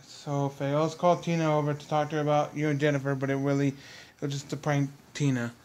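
A man's voice: fairly high pitch, little pitch movement, fast, darkish tone. A young man ranting in a vlog commentary, exasperated and mocking, repeating his points. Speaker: commentary vlogger.

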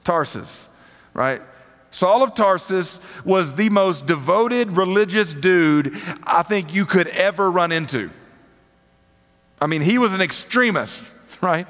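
A man's voice: high-pitched, lively intonation, takes it slowly, fairly bright tone. A male preacher gives a conversational sermon, reading scripture aloud and asking his listeners casual rhetorical questions. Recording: long reverb of a large hall.

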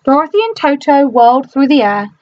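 A woman teacher reads a storybook aloud to her class with an animated storyteller's delivery. Her fairly high voice moves through a wide, lively range. The sound is dull and lo-fi, like a home recording. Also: fairly quick.

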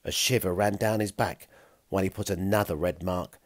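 A man narrating a children's story in an expressive, playful way, recorded close. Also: low voice, brisk, no room sound.

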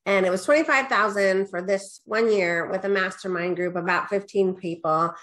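Lively middle-aged woman telling her story. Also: moderate pace. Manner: animated storyteller, quotes herself with rising pitch; peppers talk with "right?" and "da, da, da". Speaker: guest business coach. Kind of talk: casual storytelling interview.

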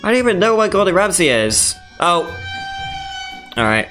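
A man streaming a game casually, swearing, yelling and laughing as he plays. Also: high voice, lively intonation, moderate pace. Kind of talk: casual live gaming commentary. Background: faint meme music and sound effects.

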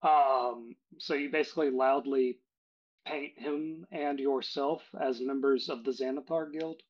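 Brief: casual male game master, husky voice, dull lo-fi mic. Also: medium pitch, a little slow. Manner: relaxed, casual, frequent "uh". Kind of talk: running a tabletop game online. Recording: dull lo-fi recording.

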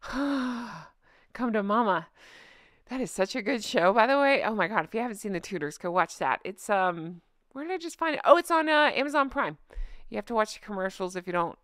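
A woman's voice: mid-range voice, a bit bright, no echo, clean studio sound. A woman hosting a casual commentary vlog, sarcastic and giggly, often gushing. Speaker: host.

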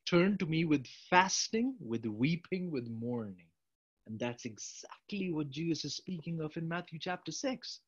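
A man preaching a sermon, emphatic, swinging between loud urgent appeals and quiet asides. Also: fairly high pitch, animated, unhurried, breathy edge. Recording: dull, lo-fi sound.

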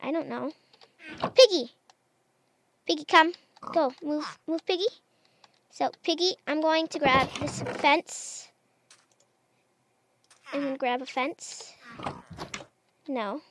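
A woman with a high voice narrates her game in a slow, unhurried way. She chats and wonders aloud, coaxing the animals along, with a faint hiss of noise behind her. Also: a bit bright. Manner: chatty, unsure, talks to animals in game. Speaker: gamer. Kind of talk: casual Minecraft let's play commentary.

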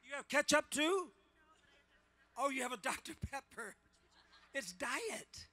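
A man in his sixties, a celebrity guest at a convention panel, joking and teasing with fans, often shouting and laughing. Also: very high voice, animated, slow pace. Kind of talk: loud playful banter with fans. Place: large convention hall.

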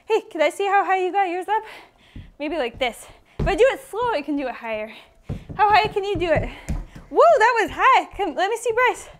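Woman, preschool teacher, very high pitch, playful energy while leading movement games indoors. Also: big pitch swings, brisk. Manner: playful, cheering kids on while moving along. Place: indoor room with small children.

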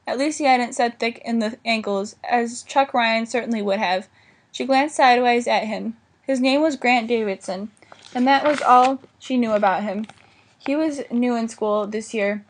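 A woman's voice: a little high, normal speed. A woman reading a children's novel aloud, giving the dialogue light character inflection. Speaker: audiobook reader. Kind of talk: scripted narration of a children's novel.

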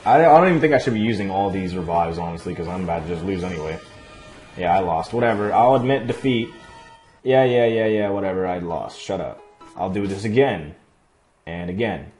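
Excitable swearing let's play guy. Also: low-pitched, brisk. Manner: excitable, swears a lot, loud outbursts. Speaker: gaming channel host. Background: faint game music.

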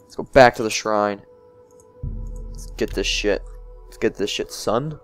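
A young man giving casual, excitable commentary over a video game, swearing and talking to his viewers. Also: on the low side, unhurried, faint music behind. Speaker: let's play gamer.

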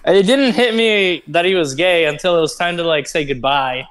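A man's voice: on the high side, moderate pace, a bit bright, clean tone. A man co-hosting a live stream, telling a story in a rambling, profane way full of fillers. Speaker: stream co-host. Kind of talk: casual live-stream chat.

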